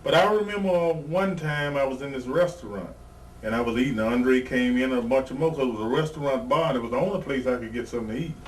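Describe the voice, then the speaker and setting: A man's voice: medium pitch, fast. A man in an interview, bluntly telling rambling, profane stories about his wrestling days. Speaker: retired pro wrestler, guest. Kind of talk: casual interview storytelling. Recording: distant mic, faint background noise.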